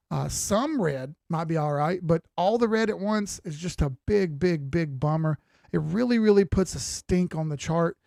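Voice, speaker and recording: Man, chart-analysis streamer, sleep-deprived, gravelly voice, casual folksy delivery, dry close sound. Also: on the high side, a little mellow, no echo. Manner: conversational, repeats phrases, folksy slang. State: tired, yawning.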